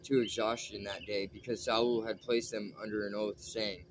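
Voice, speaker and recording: A man's voice: fairly low pitch, moderate pace, hardly any pauses, slight background noise. Man reading scripture aloud. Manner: steady reading with small slips. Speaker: Bible reader.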